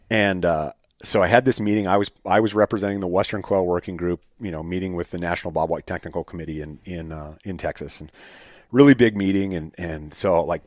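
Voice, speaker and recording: A man telling stories as a podcast guest in a casual, animated way, full of fillers and restarts. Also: sits low, no room sound, studio quality. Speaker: podcast guest, state game bird biologist. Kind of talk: casual storytelling in an interview.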